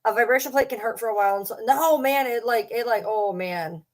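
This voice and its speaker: A woman's voice: a little high, a little fast. A young adult woman chatting casually on a livestream from home, rambling and joking about herself. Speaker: streamer.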